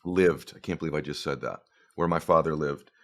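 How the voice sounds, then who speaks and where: A middle-aged man telling a story as a guest, acting out the dialogue with big jumps in pitch. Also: a little fast. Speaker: guest speaker. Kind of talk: animated storytelling.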